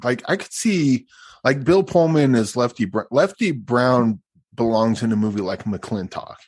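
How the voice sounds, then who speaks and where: A man's voice: medium pitch, expressive, measured pace, darkish tone, slightly rough, dry recording. Guy on a movie podcast, snarky and rambly, dry sound. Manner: rambling, sarcastic, many restarts. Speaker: film podcast co-host. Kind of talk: casual movie review chat.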